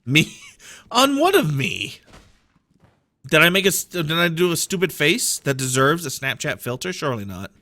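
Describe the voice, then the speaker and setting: A man's voice: a little high, big pitch swings, moderate pace, sharp tone. A man streaming a game, giving rambling, playful, self-deprecating commentary. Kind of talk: casual gameplay commentary.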